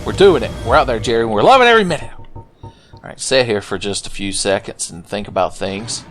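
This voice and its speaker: Crude, animated gamer man. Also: lowish voice, soft background music. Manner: crude, joking, does quick silly voices for game characters. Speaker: gameplay commentator. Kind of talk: casual let's-play commentary.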